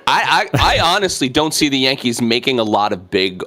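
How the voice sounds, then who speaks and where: A man's voice: mid-range voice, sing-song, fairly quick, pushed and bright, soft background music. A man co-hosting a podcast, joking around and defending his sports takes with friends. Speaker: podcast co-host. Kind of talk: casual podcast banter.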